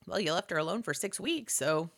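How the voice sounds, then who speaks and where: Woman with a lowish voice doing a snarky movie recap, super animated. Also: a little fast, vocal fry. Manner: animated, sarcastic, acts out characters in lively voices. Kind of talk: casual movie recap chat.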